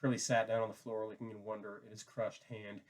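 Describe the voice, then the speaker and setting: A man narrating a classic novel in a measured, steady reading voice that sits on the low side. He keeps the narration even and plain between the characters' lines. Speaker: audiobook reader. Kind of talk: novel read aloud.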